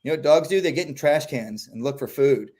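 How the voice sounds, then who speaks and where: A man who trains dogs, talking through training tips in a relaxed, animated way and acting out the quotes he gives. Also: mid-range voice, a little fast. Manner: animated, acts out quotes in voices. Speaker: dog trainer. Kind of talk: casual explanatory chat.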